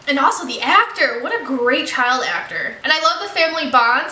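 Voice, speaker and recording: Young woman rambling through a movie review, high clear voice, echoey room. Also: bright, forceful tone, a little hiss or hum. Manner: chatty, earnest, many "like" and "you know" fillers. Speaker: movie reaction vlogger. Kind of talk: casual film review chat. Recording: roomy echo.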